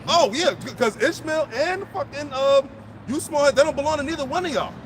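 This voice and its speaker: A man's voice: very high voice, brisk, fairly bright tone, a little hiss or hum. A man preaching outdoors, blunt and profane, fired up and repeating himself as he drives each point home. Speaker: street preacher. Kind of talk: impassioned outdoor sermon.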